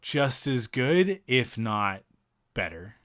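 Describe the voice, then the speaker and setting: A man's voice: mid-range voice, big pitch swings, slow pace, fairly bright tone, no room sound, studio quality. A man co-hosting a podcast, enthusiastically retelling a film scene in casual chat, often restarting his sentences. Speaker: podcast co-host reviewing a film.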